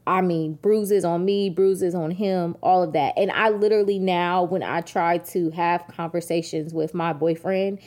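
A woman with a fairly low voice talks openly on a casual podcast. She tells personal stories with candid, animated energy and sometimes slows down to stretch a point. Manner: candid, animated storytelling, slow deliberate stretches. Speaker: podcast co-host. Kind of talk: casual chat.

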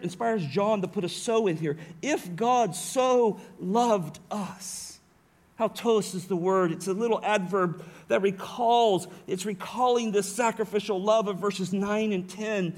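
A man's voice: high-pitched, normal speed, vocal fry. A middle-aged man pastor preaching a sermon in an earnest way, often correcting himself and restarting.

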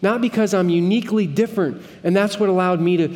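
A man's voice: high-pitched, fast, a little mellow, in a large hall. A man preaching a sermon as pastor, earnest and conversational, with pleading emphasis at times.

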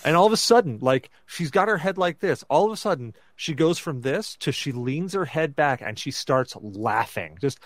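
A man's voice: on the high side, normal speed, no echo. A man telling a dramatic personal story on a casual podcast, full of fillers like "like". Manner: animated, dramatic retelling with filler words. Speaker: podcast co-host.

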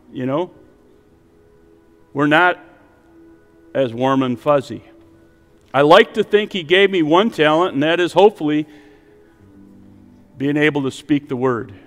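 A male pastor preaching a sermon in a church, rising to emphatic peaks and then dropping to a soft, quiet voice to lead prayer. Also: on the high side, big-room sound. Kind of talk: sermon with altar call. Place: church sanctuary with online stream.

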